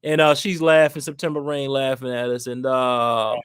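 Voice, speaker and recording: A man hosting a casual live stream, laid-back and quick to laugh, reading out viewer comments. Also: medium pitch, steady tone, a bit bright, smooth, no echo, clean studio sound.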